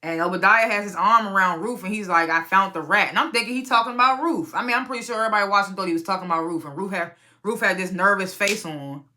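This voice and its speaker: A woman casually recapping a TV episode, profane and animated, often laughing and acting out the characters' lines. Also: mid-range voice, fast talker. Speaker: TV recap reviewer.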